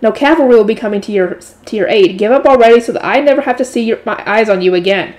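A woman reading aloud and voicing a smug, scheming old male bishop who speaks with false gentleness. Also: a little high, fast, natural voice.

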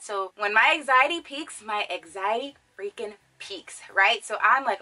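A young woman vlogger casually telling a story to her viewers, animated and chatty with lots of fillers. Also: fairly high pitch, fairly quick, few pauses, rough recording.

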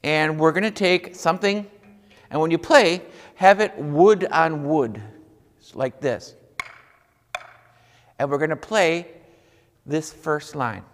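A man with a slightly high voice teaches a children's music lesson, speaking slowly and patiently. He is encouraging and sings out rhythm syllables to lead the class. His voice rings with a long reverb, as if he were in a large hall. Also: a little hiss or hum.

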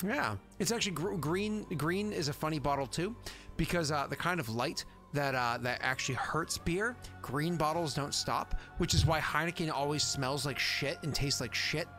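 A man's voice: on the high side, soft background music. A man running a tabletop game, chatting casually and rambling off topic with his players over a video call. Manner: animated, rambling, quick to laugh. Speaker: game master. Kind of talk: casual chat among players.

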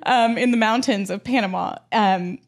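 A middle-aged woman chats on a podcast at an everyday pitch for a woman. She tells stories with lively energy and acts out what people said by jumping sharply up in pitch. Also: moderate pace. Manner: animated storyteller, acts out quotes with big pitch jumps. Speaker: podcast co-host. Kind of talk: casual chat.

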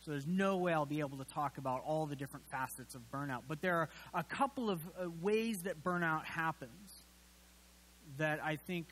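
A male pastor giving a sermon in a relaxed, conversational way, with many fillers and wry, casual asides. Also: a little high, moderate pace, poor audio.

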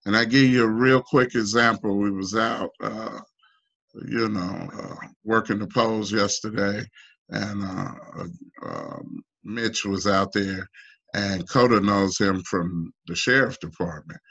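A man from the United States giving halting, emotional personal testimony in an online town hall, full of restarts and fillers, his pitch climbing when he pleads. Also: steady tone, creaky, sharp tone, highs cut off. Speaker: union member asking a guest.

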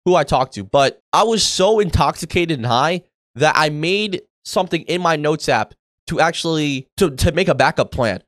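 A young man casually telling a party story to camera, animated and swearing freely, acting out what others said. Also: fairly high pitch, moderate pace, no room sound. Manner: animated, acts out quoted voices, swears freely. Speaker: storytime YouTuber.

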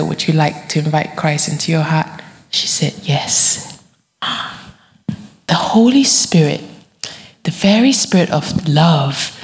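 A woman, preaching a sermon and telling a story with lively quoted voices. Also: sits low. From Singapore. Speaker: guest preacher.

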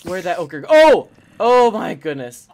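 A gaming channel host giving casual let's-play commentary, theatrical and expressive, talking straight to the viewers. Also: mid-range voice, normal speed.

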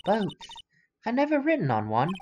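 A man's voice: high voice, wildly swooping pitch, normal speed, darkish tone, slight background noise, pitched above the performer's own voice. A man reading as a chirpy young woman sidekick. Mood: eager.

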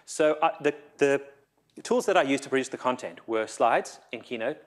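A man's voice: medium pitch, animated, moderate pace. Nervous, repetitive man giving a talk. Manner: repeats words often, nervous. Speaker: conference speaker. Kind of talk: conference talk. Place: conference hall.

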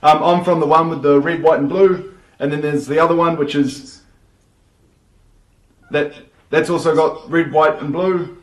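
A man's voice: a little high, fairly even intonation, unhurried, long pauses. Dry-humored New Zealand man, roomy sound. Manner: dry, offhand, hesitant with fillers. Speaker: comedic video maker. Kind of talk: comedic explainer video.

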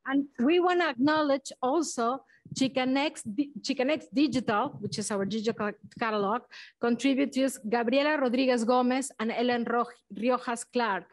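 A woman who is not a native English speaker, co-curator giving opening remarks at a museum exhibition, halting and searching for words with frequent restarts. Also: on the high side. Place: museum event space.

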